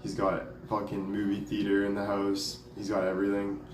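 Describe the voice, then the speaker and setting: Rambling excited young man, roomy and distant. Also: fairly low pitch, normal speed, background noise. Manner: rambling, full of "like" and "dude", swears casually. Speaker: vlogger and singer. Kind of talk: casual excited storytelling. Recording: roomy sound, off the mic, faint ambience.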